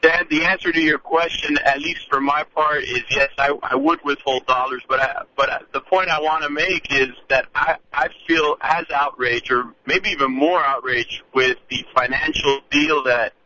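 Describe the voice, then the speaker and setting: A male caller speaks over a tinny, lo-fi phone line with faint noise behind him, stumbling and repeating words as he makes his point. His voice sounds bright and sharp. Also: on the high side, fairly even intonation, moderate pace, hardly any pauses. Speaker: radio caller. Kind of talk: call-in phone talk.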